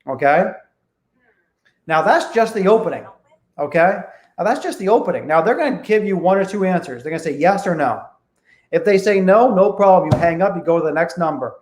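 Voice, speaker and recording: A man's voice: high-pitched, reverberant. A man coaching sales calls in an online training talk, emphatic, often checking in with his listeners. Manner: emphatic, keeps checking in with "okay?". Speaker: real estate investing coach.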